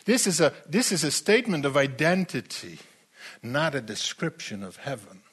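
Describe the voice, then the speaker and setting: A man preaching a sermon in a slow, emphatic way, repeating phrases as he builds his point. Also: fairly high pitch, very animated, a bit bright, slightly rough.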